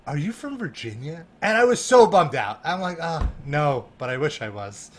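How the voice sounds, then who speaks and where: A man's voice: on the high side, normal speed. Chatty man telling a story with laughs. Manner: animated, laughing, lots of fillers and restarts. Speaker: guest. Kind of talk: casual storytelling in a podcast chat.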